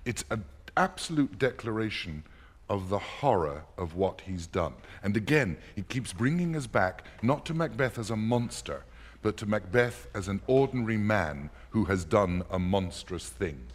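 A man explaining a play as a lecturer, emphatic and expressive. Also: on the low side, moderate pace. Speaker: literature lecturer. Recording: long hall reverb.

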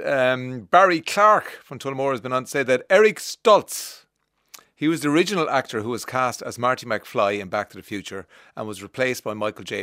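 A man's voice: medium pitch, fairly bright tone, no echo, clean studio sound. A man with an Irish accent hosting a radio show, chatting casually and teasing callers, with frequent fillers. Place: radio studio.

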